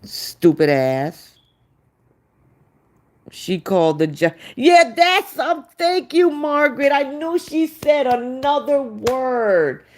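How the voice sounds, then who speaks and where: A woman's voice: high voice, expressive, slow, few pauses. A woman hosting a livestream, reading viewer comments aloud and answering them in blunt, sarcastic casual commentary. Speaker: livestream host.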